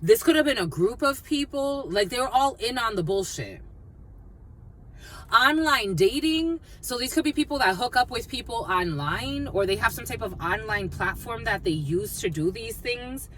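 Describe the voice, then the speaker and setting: A woman giving a casual collective tarot reading, mixing personal stories with blunt, animated talk and plenty of swearing. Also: fairly high pitch, moderate pace, slight background noise. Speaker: tarot reader.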